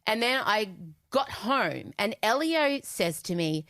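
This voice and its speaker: Aussie lady hosting a podcast, lively storytelling, dry close sound. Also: on the high side, slow, no echo. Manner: animated, puts on voices in retold dialogue. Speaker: podcast host. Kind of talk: casual chat, comic storytelling.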